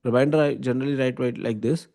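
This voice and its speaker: A man's voice: medium pitch, fairly even intonation, quick pace, vocal fry, warm tone. A man with an Indian English accent teaching an online lecture, explaining step by step and often checking with "okay?" and "right?". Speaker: computer science teacher.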